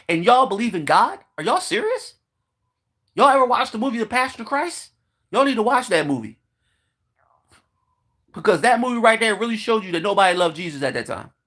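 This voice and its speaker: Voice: medium pitch, sharp tone. A vlogger delivering a heated, profane monologue, swearing constantly and acting out what people said.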